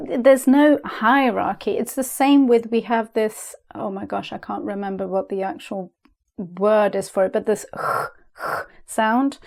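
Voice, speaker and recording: A woman with a Swedish accent, a language teacher chatting as a guest on a podcast and telling stories in a lively way. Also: fairly high pitch. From Sweden. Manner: lively, storytelling, often checks in with "right?" and "yeah?". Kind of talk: casual podcast conversation.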